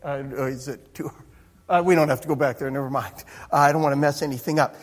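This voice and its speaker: A man's voice: on the high side, fairly even intonation, fast talker. A man preaching a sermon as pastor, in a conversational, self-interrupting way with chuckling asides. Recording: reverberant hall.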